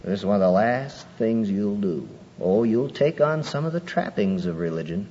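A man preaching a sermon, lively and conversational, acting out people's excuses in a raised voice. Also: normal speed. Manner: animated, acts out quoted excuses in a higher voice. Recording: muffled old hall recording with faint noise.

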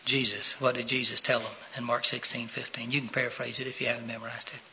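A middle-aged man preaching a sermon, questioning his listeners and rising to loud, emphatic peaks. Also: medium pitch, little pitch movement, quick pace, slight background noise. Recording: dull lo-fi sound.

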